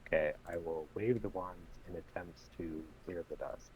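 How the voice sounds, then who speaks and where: A man playing in a tabletop game, relaxed and hesitant, thinking aloud about his moves. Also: sits low, normal speed, husky, poor audio. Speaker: player. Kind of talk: casual tabletop play.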